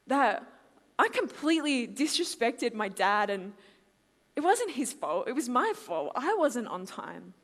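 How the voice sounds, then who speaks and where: A woman in her twenties with an Australian accent, a conference speaker giving a lively testimony talk and acting out her own quotes. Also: sits high. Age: 20s. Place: large hall. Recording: long hall reverb.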